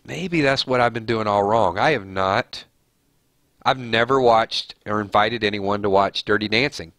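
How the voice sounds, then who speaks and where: Live-stream host, man, nasal and bright, dry close sound, casual and laughing easily. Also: on the low side, unhurried, no echo. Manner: chatty, laughs easily, thinks aloud. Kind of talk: casual live-stream chat reading viewer comments.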